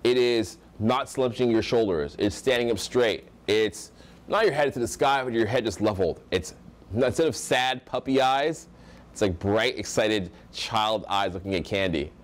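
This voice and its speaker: A man's voice: on the low side, normal speed. A young American man teaching social skills at a live seminar, projecting his voice with energy and acting out example voices. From United States.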